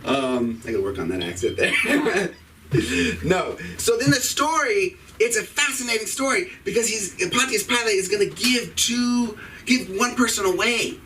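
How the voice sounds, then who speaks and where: High, bright-voiced man doing profane stand-up. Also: big pitch swings, normal speed, distant mic, a little hiss or hum, rough recording. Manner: rambling, irreverent, profane delivery. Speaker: stand-up comedian. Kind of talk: open mic stand-up set. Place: comedy club stage.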